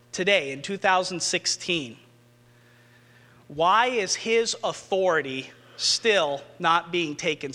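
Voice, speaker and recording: Male pastor, high voice, animated sermon, long reverb of a church hall. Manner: animated storytelling, rising to excited emphasis.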